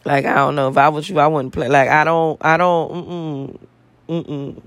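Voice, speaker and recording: Man, high-pitched, profane repetitive rant, dry close sound. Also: steady tone, normal speed, a bit bright, dry recording. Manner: profane, emphatic, repeats phrases for emphasis. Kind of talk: casual spiritual rant to camera.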